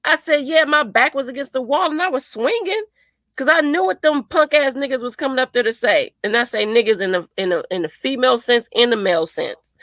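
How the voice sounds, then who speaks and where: Bright-voiced woman venting in heated chat. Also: sits high, brisk, dry recording. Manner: animated, swearing, quotes others in put-on voices. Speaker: co-host. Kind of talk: heated casual commentary.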